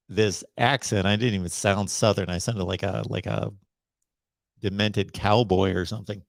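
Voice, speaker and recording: A middle-aged man hosting a sports call-in livestream, talking emphatically and slowing down to drive his points home. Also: on the low side, gravelly, no echo. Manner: emphatic, preachy, slows down to stress points. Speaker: host of a college football call-in show. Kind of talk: casual livestream monologue.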